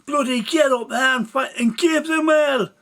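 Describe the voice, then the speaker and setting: A bossy army sergeant, put on by a man telling a story, barking and scolding his recruits. He speaks from a high, raised register. The voice is gruff and commanding. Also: expressive, measured pace, a bit bright, heavily acted. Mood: shouting orders.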